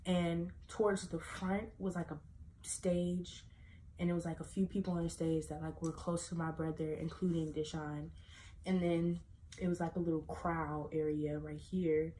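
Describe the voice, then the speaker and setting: A young woman tells a casual storytime to her camera in an animated, profane way, peppering it with "like". Her voice sits a little low. Faint room noise hums behind her. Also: moderate pace. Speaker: vlogger.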